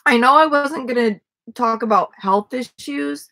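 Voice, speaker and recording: A woman's voice: on the high side, a little slow, vocal fry, fairly bright tone. Chatty woman rambling in a front yard. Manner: rambling, chatty, many fillers and restarts. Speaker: vlogger. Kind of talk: casual livestream chat.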